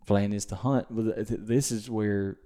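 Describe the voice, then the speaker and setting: A young man with a low, smooth, resonant voice tells a story on a casual podcast. He rambles and corrects himself as he goes, and he speaks with animated energy. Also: moderate pace. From Mississippi, USA. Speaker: podcast host.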